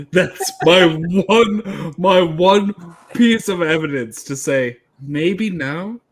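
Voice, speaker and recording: A man's voice: high-pitched, very slow, a crowd in the background. A man in a casual podcast discussion, blunt and opinionated, swearing casually. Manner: blunt, offers hot takes, swears casually.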